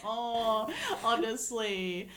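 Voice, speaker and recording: A woman co-hosting a casual chat podcast, giggly and animated. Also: fairly high pitch, very slow. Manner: giggly, animated, lots of laughter. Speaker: podcast co-host.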